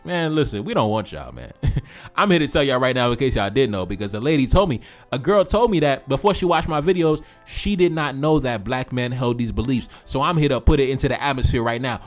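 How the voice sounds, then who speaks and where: A man hosts a reaction video and rants emphatically, repeating his points and throwing in slangy asides. His voice sits at an ordinary middle pitch. Soft music plays faintly underneath. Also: animated, a little fast. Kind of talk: commentary reacting to social media posts.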